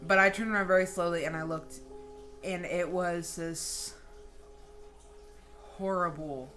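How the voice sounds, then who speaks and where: Bright-voiced, profane woman telling a story. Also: fairly low pitch, a little slow, faint music behind. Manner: animated, profane, dramatic storyteller. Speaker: vlogger. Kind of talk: casual storytelling.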